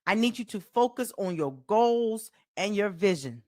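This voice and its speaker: A woman with a Southern US accent hosting her own coaching podcast, talking in an animated, folksy way and repeating phrases like a preacher. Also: medium pitch, moderate pace, dry recording, studio quality. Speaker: life coach and podcast host. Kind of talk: solo motivational podcast talk.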